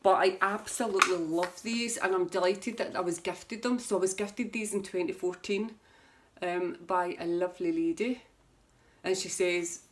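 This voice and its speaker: A woman with a slightly low voice chats casually about her favourite books. She reads tarot and rambles from one thought to the next. She often laughs at herself. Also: fairly even intonation, normal speed, slight background noise. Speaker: tarot reader. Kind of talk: casual book chat to camera.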